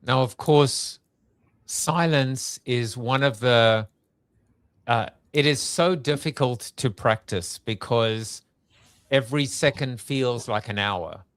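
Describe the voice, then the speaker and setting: A man's voice: mid-range voice, slow pace, a bit bright, dry recording. Man, podcast host, hesitant, thinking aloud, dry recording. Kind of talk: conversational interview.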